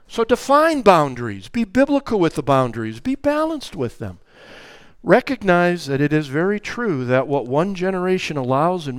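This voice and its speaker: A man's voice: fairly high pitch, smooth, dry recording. An older man, a grandfather, preaching a sermon on raising children, speaking emphatically and acting out family conversations. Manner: animated, emphatic, acts out family dialogues.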